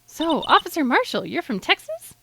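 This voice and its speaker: Animated woman streaming a game. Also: sits high, creaky, background noise. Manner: animated, reads lines aloud with quick asides. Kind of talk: live game stream, reading dialogue aloud. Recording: game music under the voice. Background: video game music.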